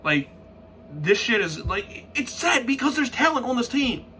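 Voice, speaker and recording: A man's voice: very high-pitched, big pitch swings, unhurried, bright, forceful tone, a little hiss or hum. A young man in a profane, frustrated sports-fan rant who swears constantly and restarts his sentences.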